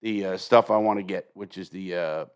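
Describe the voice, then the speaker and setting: A man's voice: low voice, brisk, smooth. An older American man hosting a podcast, telling stories bluntly with lots of swearing and acting out what others said. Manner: profane, blunt storyteller acting out quoted dialogue. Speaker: podcast host. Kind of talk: casual chat, storytelling.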